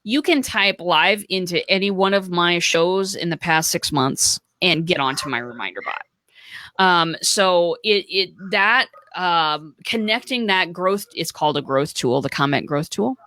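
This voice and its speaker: An American woman with a lowish, sharp-toned voice speaks in an animated but unhurried way while co-hosting a casual live stream. Her advice is earnest and practical, with fillers throughout.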